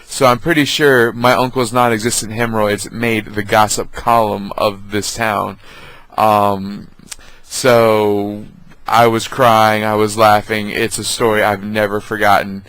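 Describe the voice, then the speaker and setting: A man telling family stories on his vlog, casual and halting with many ums. His voice is low and fairly flat. The sound is dry and close. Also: no room sound, low-quality recording. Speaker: vlogger. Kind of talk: casual storytelling.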